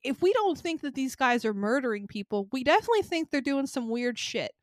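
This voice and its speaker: A woman's voice: high-pitched, sing-song, brisk, no echo, clean studio sound. Laughing, foul-mouthed woman podcaster. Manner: profane, laughing storyteller. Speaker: podcast co-host. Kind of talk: casual chat recapping a horror movie.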